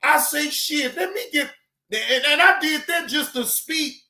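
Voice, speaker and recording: A man with a very high, bright voice speaks slowly and loosely as he reacts to clips on his stream. His talk is rambling, slangy and full of profanity, with many false starts. The sound bounces around an echoey room. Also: lively intonation. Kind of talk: casual reaction commentary.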